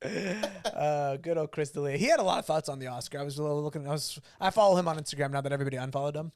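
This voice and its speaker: A man's voice: a little high, darkish tone. A man co-hosting a comedy podcast, joking around in casual banter and laughing often. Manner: joking, laughs often, quick back-and-forth. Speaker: podcast co-host.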